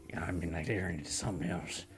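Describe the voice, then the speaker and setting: Game quest-giver: a man putting on a folksy, rambling Southern farmer, gravelly edge, music underneath. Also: sits low, fairly even intonation, fast talker, pitched below the performer's own voice. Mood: ominous. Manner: rambling, folksy, turns ominous. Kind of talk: improvised role-play on stream.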